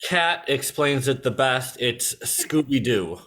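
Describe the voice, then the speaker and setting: A man, an improv performer, answering questions in a deadpan joking way over a video call. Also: mid-range voice, slow. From Chicago area. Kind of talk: casual interview chat. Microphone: video call mic.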